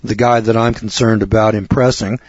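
A man's voice: on the low side, little pitch movement, moderate pace, no echo. A man preaching a sermon in a blunt, folksy, crude manner, recorded on a dull lo-fi recording.

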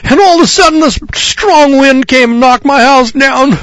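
Male preacher plays a self-pitying man, whining high and slow. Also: a bit bright, dry recording. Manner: whiny, drawn-out complaining.

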